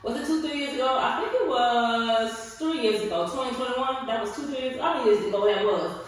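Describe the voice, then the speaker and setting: A woman's voice: on the high side, a little fast. A young woman vlogging while she stretches, chatty and sassy, calling her viewers honey, and tired from lack of sleep. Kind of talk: casual chat while stretching. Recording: echoey room, far from mic.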